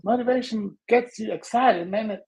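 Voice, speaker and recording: A man hosting a podcast as a coach, telling stories in conversation and acting out other people's voices with big jumps in pitch. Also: fairly quick, darkish tone, poor audio. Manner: laughs while telling. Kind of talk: storytelling in conversation.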